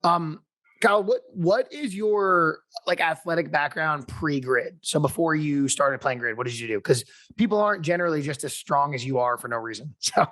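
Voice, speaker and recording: A man's voice: a little high, normal speed, fairly bright tone. A man coaching and hosting a podcast, asking questions in an easygoing casual chat. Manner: easygoing, laughs along.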